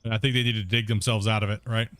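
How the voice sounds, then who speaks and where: A man's voice: lowish voice, level tone, very fast, fairly bright tone. A man streaming a game, chatting casually in a rambling, blunt way and swearing when annoyed. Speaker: gaming streamer. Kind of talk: casual chat.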